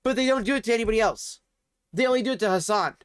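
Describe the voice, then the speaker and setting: A man's voice: high-pitched, rapid-fire, smooth, dry recording, clean studio sound. A man livestreaming from home, chatting casually and ranting crudely while he reacts to a video. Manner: crude, ranting, swears often.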